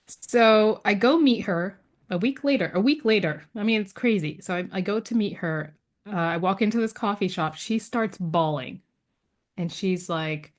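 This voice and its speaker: A woman guest on an interview podcast, telling a personal story in a lively way and acting out the other people's words. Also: medium pitch, normal speed. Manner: lively storyteller who acts out quoted dialogue; frequent fillers and restarts, laughs between lines.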